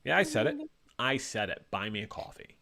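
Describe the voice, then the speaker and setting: A man's voice: fairly low pitch, lively intonation, fairly quick, gravelly, sharp tone. A man hosting a casual live stream, joking with his co-hosts and reading out viewers' chat comments. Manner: jokey, reads out chat comments. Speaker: host.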